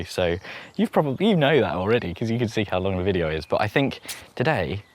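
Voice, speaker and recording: A man talking casually to camera as he tours his outdoor allotment, chatty and rambling and laughing often, recorded on a handheld camera. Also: low-pitched. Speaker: allotment vlogger. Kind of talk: casual talk to camera while touring a garden plot.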